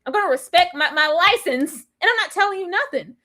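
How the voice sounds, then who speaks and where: A woman's voice: extremely high pitch, animated, fairly quick, bright, forceful tone, pitched above the performer's own voice, exaggerated voice. A woman acting out a firm, no-nonsense male therapist who scolds a client.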